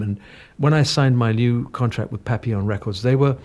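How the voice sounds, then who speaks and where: A man's voice: mid-range voice, brisk, a little mellow. A man in his sixties from North London, with an English accent touched by Cockney and a little northern, telling anecdotes in a chatty, self-deprecating way in a radio interview. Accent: English, slightly Cockney and northern. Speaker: guest singer. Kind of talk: casual interview chat. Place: radio studio.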